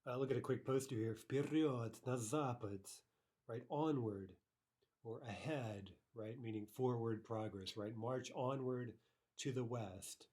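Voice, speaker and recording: A man teaching a recorded language lesson, explaining grammar step by step, checking in with "right?" and repeating example phrases slowly and carefully. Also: mid-range voice, dark tone, slightly rough. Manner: explanatory, frequent "right?" checks, slow careful Russian repetitions.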